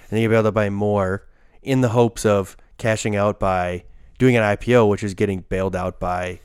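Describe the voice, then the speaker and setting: A man co-hosting a casual podcast chat, explaining ideas in a steady, analytical way. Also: fairly low pitch, fairly quick, clear, resonant tone, no echo, clean studio sound.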